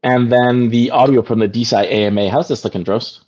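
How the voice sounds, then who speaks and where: On dull, lo-fi video call audio, a team meeting host runs a casual work meeting in a rambling way, leaning heavily on fillers and frequently saying "like." His medium-pitched voice is steady, brisk and darkish in tone.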